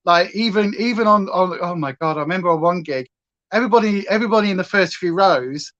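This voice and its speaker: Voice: medium pitch, fast talker, fairly bright tone. Northern english streamer chatting away doing makeup, rambly tangents, slightly dull lo-fi sound. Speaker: makeup livestream host. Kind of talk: casual livestream chat while doing makeup.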